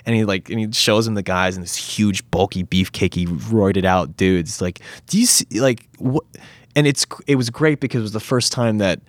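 Man, very low voice, dry close sound, casual interview, animated storytelling, lots of fillers. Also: normal speed, hardly any pauses, no echo. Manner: animated storytelling, many fillers, swears freely. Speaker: actor, interview guest.

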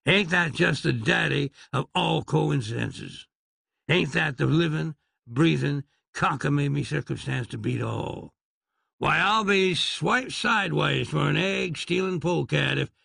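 A man's voice: a little high, unhurried, vocal fry, sharp tone, husky, no room sound, clean studio sound, exaggerated voice. A man doing a blustering lawman. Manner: rambling folksy bluster. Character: blustering Wild West lawman, folksy and long-winded.

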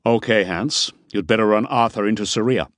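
A man playing a commanding employer who speaks briskly, with authority and suspicion. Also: fairly low pitch, fairly bright tone, dry recording, clean studio sound, close to an everyday voice. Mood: authoritative.

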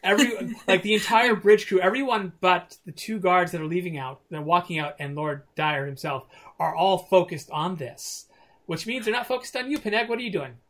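A man's voice: high voice, normal speed, a bit bright. A man narrating a tabletop game as game master, rambling with many restarts.

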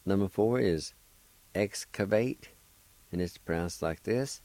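A man with a very low voice teaches vocabulary on the radio. He takes his time, spelling and repeating each word with patient care. The sound is close and dry, as in a small studio. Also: slow pace, no room sound, poor audio. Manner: gently encouraging to beginners. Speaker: radio host teaching a language. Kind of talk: radio language lesson.

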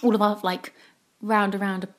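A woman co-hosting a casual podcast, bubbly and quick to play along with the jokes. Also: medium pitch, level tone. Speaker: podcast co-host. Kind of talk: casual chat.

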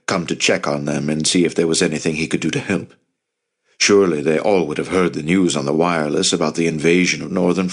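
A man narrating a novel as an audiobook in a steady storytelling manner. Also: low-pitched, husky. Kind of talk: scripted narration.

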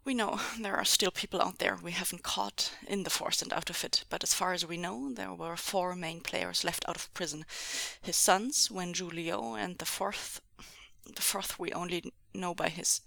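A woman reading the lines of a calm adult man who leads and soothes his son. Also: on the low side, moderate pace, gravelly, dry recording. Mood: grave. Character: steady adult man, a father and leader.

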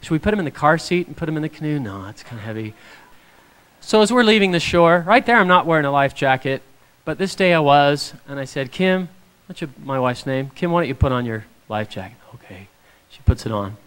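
A man giving a devotional talk to an audience, telling a personal story in an animated way and acting out the quotes. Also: fairly high pitch, fairly quick, clear, resonant tone. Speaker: speaker.

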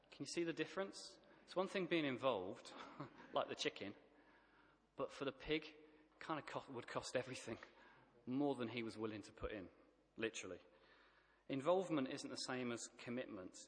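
A man's voice: medium pitch, in a large hall. A man preaching a sermon, emphatic and plain-spoken, stacking up repeated phrases.

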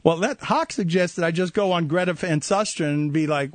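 A man's voice: sits high, moderate pace, pauses often. A man hosting a sports radio talk show, joking around and laughing at his own bits. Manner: wisecracking, laughs at own jokes. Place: radio studio.

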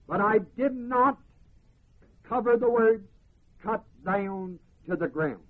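A man with a high, breathy voice delivers a sermon at an unhurried pace, drawing out the scripture he reads. He stresses each phrase with care. The recording is thin and tinny, like a phone line. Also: animated. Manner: slow, emphatic, drawn-out reading of scripture. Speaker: preacher. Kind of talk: sermon, Bible teaching.

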